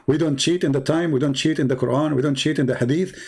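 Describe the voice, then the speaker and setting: A man's voice: fairly high pitch, fairly even intonation, quick pace, a little mellow, slightly rough. A man hosting a live stream, rambling in a mocking, sarcastic way in broken English, saying he is losing his voice. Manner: sarcastic, rambling, heavy non-native English.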